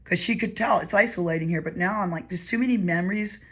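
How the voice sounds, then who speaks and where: A woman talking to her camera at home as she winds down for the night. Her monologue wanders from one story to the next, chatty and loose. She laughs often and sometimes drops to a quiet murmur. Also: on the low side, quick pace. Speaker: vlogger. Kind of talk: rambling casual monologue.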